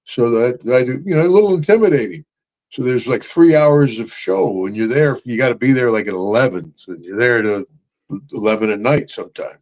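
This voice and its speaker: A man's voice: mid-range voice, normal speed, darkish tone, dull audio. An older man hosting a podcast, rambling through stories with laughs and calling people brother and man. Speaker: podcast host. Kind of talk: casual storytelling chat.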